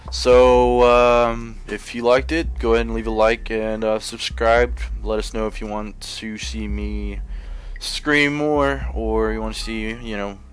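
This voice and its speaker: A man's voice: lowish voice, level tone, unhurried, clear, resonant tone. A man hosting a gaming channel, giving profane, jumpy commentary on a horror game and talking to his viewers.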